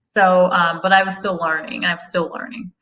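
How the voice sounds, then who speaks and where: A woman's voice: fairly low pitch, little pitch movement, normal speed, bright, forceful tone, poor audio. A young woman from the United States chatting on a live stream, reading viewer comments aloud and answering them. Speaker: livestream host. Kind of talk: casual livestream chat.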